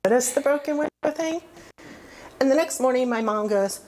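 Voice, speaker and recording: Woman in her forties, fairly high voice, candid testimony with self-deprecating humor. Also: moderate pace, a little mellow. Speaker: recovery testimony speaker. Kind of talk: personal testimony.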